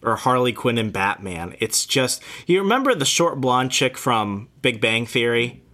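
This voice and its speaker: A man's voice: mid-range voice, expressive, measured pace, sharp tone. A man co-hosting a podcast, casually giving wry, offhand opinions. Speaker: podcast co-host.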